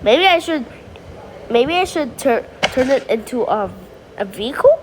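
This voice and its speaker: A woman's voice: high voice, animated, unhurried, slight background noise. A woman telling a playful story over sandbox gameplay, goofy and full of sound effects and exclamations. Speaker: gaming channel creator.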